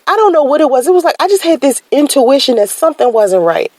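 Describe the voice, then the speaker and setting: A woman telling a personal story in a casual, slangy way, jumping up high when she acts out her own shocked reactions. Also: quick pace, no echo, rough recording. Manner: animated, slangy storytelling with sudden high-pitched exclamations.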